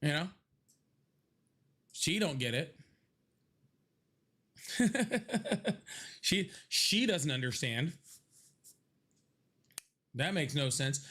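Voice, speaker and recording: A man with a fairly high voice talks loosely to a live audience, wandering from one story to the next and breaking into laughter. His voice sounds a little stuffy from allergies. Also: animated, very slow, pauses often, sharp tone. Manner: rambling, joking, laughs often. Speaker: live stream host. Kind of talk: casual chat to a live audience.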